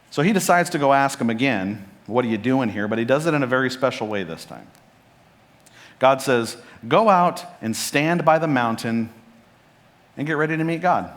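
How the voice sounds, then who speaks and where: A man preaching a sermon as pastor, telling a Bible story with lively acted-out lines. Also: medium pitch. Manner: animated storytelling, acting out Bible characters' lines. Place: church sanctuary.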